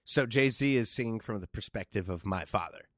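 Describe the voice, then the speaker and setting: A man co-hosting a podcast, trading dry, deadpan jokes and quick reactions in casual chat. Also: fairly low pitch, no room sound. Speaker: podcast co-host.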